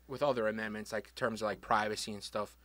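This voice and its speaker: Podcast co-host, blunt and sweary, tense bright tone, close dry sound. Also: male voice, on the low side, steady tone, fast, no echo. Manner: blunt, profane, joking. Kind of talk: casual podcast chat.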